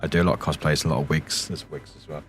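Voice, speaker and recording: A man chatting softly on a stream in his deep morning voice, rambling and chuckling often. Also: level tone, fast. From England. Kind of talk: soft-spoken casual stream chat.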